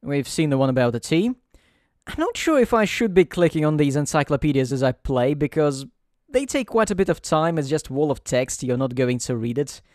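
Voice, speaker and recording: A man hosting a let's play with dry, sarcastic commentary. His voice sits fairly high. The recording is close and dry. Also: very animated, a little fast, darkish tone, dry recording. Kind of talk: gameplay commentary.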